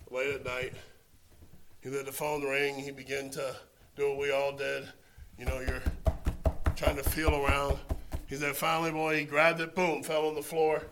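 A man preaching a sermon, telling a story and swinging from hushed, slow lines to loud exclamations. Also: mid-range voice, reverberant, a little hiss or hum, low-quality recording.

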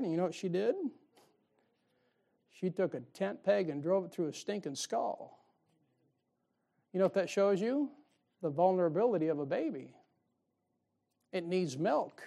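A man's voice: high-pitched, vocal fry, a little mellow. A man preaching an evening sermon in a folksy, joking way, chuckling often and asking the congregation rhetorical questions.

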